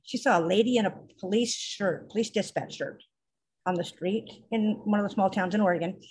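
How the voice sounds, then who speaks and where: A woman's voice: medium pitch, a little fast, darkish tone, breathy edge. Woman telling a heartfelt story. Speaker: mother of a teenage daughter. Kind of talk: casual chat.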